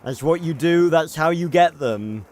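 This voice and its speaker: A man's voice: a little high, lively intonation, a little slow, darkish tone. A young British man streaming a game, chatting in a rambling, self-correcting way as he reads the chat. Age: young adult. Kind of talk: casual livestream chat.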